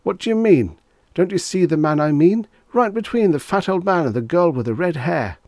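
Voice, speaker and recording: A man voicing a tipsy, excitable foppish young man who blurts out flustered, indignant exclamations in a storybook reading. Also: a little high, moderate pace, no echo, clean studio sound, voice pushed up. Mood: alarmed.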